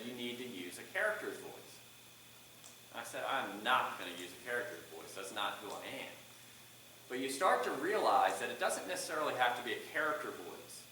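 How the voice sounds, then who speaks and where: Middle-aged male speaking coach, bright voice, questions his students, recorded from far off in an echoey classroom. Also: mid-range voice, slight background noise. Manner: asks the class questions, lively shifts in volume.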